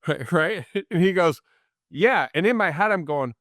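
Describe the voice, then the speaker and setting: A man's voice: on the high side, moderate pace, no room sound, clean studio sound. A man, the guest in a casual interview, tells anecdotes and acts out the people in them. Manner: animated storyteller, acts out quoted people.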